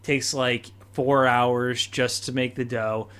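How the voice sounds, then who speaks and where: A man's voice: mid-range voice, flat delivery, slow pace, a bit bright, clear, resonant tone. A young man co-hosting a casual podcast, talking in a laid-back, rambling way full of filler words. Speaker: podcast co-host. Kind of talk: casual chat.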